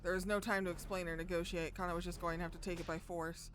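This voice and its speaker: Excitable woman streamer, bright voice. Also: on the low side, fast talker, hardly any pauses, slight background noise. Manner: loud, excitable outbursts and swearing between calm narration. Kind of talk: reading a visual novel aloud with live reactions.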